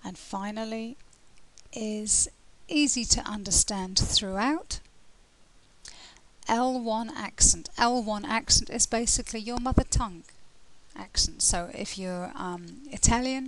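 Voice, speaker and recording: British woman tutor, relaxed and chatty. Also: medium pitch, measured pace, poor audio. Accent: British English. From Britain. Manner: relaxed and conversational, with frequent fillers and restarts. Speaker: language test tutor. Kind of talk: lesson explaining test criteria.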